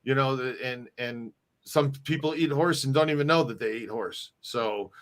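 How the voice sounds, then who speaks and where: A man's voice: mid-range voice, moderate pace, fairly bright tone. A middle-aged man co-hosting a casual live-stream chat, rambling and often restarting his sentences. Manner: rambling, restarts and repeats words. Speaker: podcast co-host.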